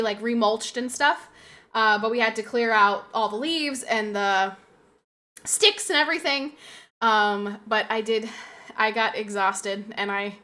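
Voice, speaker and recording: A woman's voice: on the high side, pushed and bright. A young woman streaming and chatting casually with her live audience. She talks emotionally, repeats her phrases, laughs often and answers her chat aloud.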